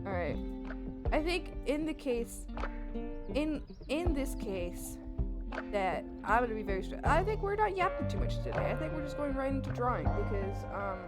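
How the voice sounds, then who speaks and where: A woman's voice: sits high, big pitch swings, moderate pace, loud music behind the voice. A young woman streaming her art at home, chatting casually while she draws, bubbly and breaking into squealed exclamations. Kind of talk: casual chat while drawing. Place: home apartment.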